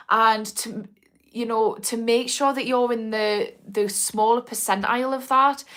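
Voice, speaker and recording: A fairly high-pitched, fairly bright female voice belongs to an addiction recovery coach from North East England. She chats on a live stream answering comments, rambling with many restarts.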